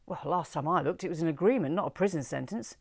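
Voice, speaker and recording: A woman's voice: sits low, quick pace, darkish tone, husky, no echo, clean studio sound. Easygoing London cabbie, teasing and kind, read by a woman, storybook reading. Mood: coaxing. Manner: easygoing, teasing, calls her love. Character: warm London cab driver, middle-aged man.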